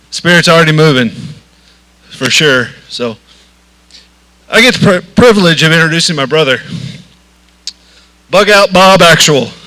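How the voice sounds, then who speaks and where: A man's voice: a little high, sharp tone. Joking man emceeing an event. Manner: joking, folksy, chatty. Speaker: board member introducing the speaker. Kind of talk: casual emcee introduction at a live event.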